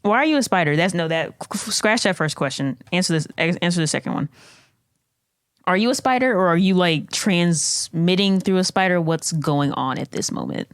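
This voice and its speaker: A woman playing a tabletop game, playful and giggly, firing off quick questions. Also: on the low side, lively intonation, no room sound, studio quality. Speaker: player.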